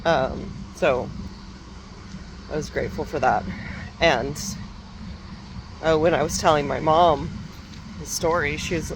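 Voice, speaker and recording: A woman coach telling a candid personal story in a reflective, unhurried way, with soft laughs and restarts. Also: low voice, steady tone, background noise. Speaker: parenting coach.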